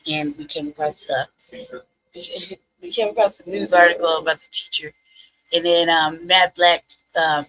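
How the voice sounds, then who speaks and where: A woman's voice: on the low side, fairly bright tone, poor audio. A woman hosting a live stream in casual commentary, chatty, laughing often and trailing off mid-thought.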